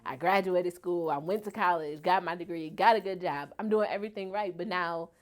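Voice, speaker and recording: Animated woman telling her own story. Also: a little fast. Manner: animated, acts out quoted voices much higher. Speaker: interview guest. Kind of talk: personal storytelling in an interview.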